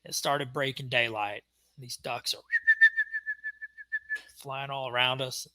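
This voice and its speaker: A young man co-hosting a podcast, telling a story in casual chat and acting out the shouted quotes. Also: medium pitch, steady tone, slow. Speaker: podcast co-host.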